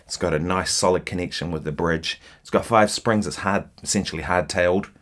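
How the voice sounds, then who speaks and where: A man giving a casual guitar lesson, chatting in a relaxed, rambling way with lots of fillers and asides, guitar in hand. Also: low voice, a little fast. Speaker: guitar teacher. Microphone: single mic, holding guitar while talking.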